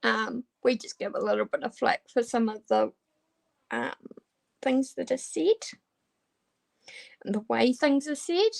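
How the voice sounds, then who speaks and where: A woman's voice: fairly high pitch, very animated, a little slow, gravelly, pauses often. A woman chatting casually with viewers while crafting, hesitant and full of ums as she answers them. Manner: hesitant, many ums and restarts. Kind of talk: casual chat while diamond painting.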